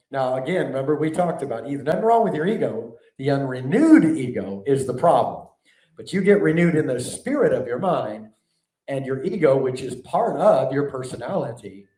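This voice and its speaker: A man preaching a sermon to a live audience, animated and conversational, often asking the room questions. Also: mid-range voice. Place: large hall before a live audience. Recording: echoey hall, mic at a distance.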